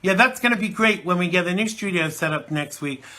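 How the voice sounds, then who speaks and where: A man's voice: high-pitched, a little fast, sharp tone. A man hosting a live internet talk show from the UK, chatting and rambling with many fillers, recovering from a chesty cold. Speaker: host.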